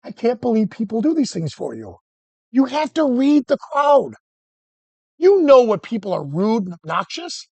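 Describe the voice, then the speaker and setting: A man teaching photography who tells animated, joking stories and keeps breaking off and restarting his sentences. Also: very high voice, normal speed, creaky, dry recording, highs cut off. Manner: animated anecdotes, self-interrupting, joking. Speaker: photography instructor. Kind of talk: storytelling during a workshop lesson.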